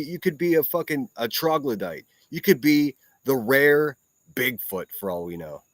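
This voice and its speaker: A man with a medium-pitched voice, recorded dry, hosts a solo livestream podcast. He reacts to clips with ranting commentary, hurling mocking, profane insults at his critics.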